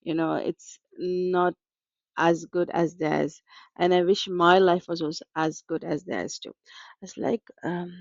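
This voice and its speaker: A woman's voice: lowish voice, steady tone, a little slow, vocal fry, no echo, muffled recording. A woman counsellor from Australia, talking through client stories in a conversational way and acting out their lines. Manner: conversational, anecdotal, acts out client quotes. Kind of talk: talk.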